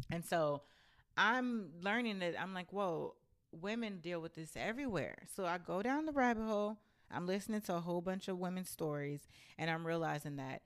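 A woman telling a story from her own life in a blunt, animated and profane casual rant. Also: fairly low pitch.

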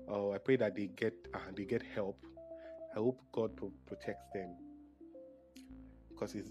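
A man's voice: on the low side, warm tone. Chatty Nigerian man musing aloud. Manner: chatty, self-correcting, emotional. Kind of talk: casual monologue.

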